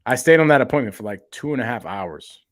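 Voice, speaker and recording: A man's voice: mid-range voice, animated, fast, fairly bright tone. A man co-hosting a sales podcast, talking in a slangy, storytelling way and acting out bits of conversation. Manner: storytelling, slangy, acts out dialogue. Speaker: co-host, sales coach. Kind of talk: casual podcast chat.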